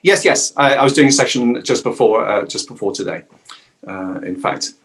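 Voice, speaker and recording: A middle-aged man, a voice actor and dialect coach, answering interview questions in a lively storytelling way. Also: medium pitch, moderate pace. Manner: animated storyteller who slips into quoted voices.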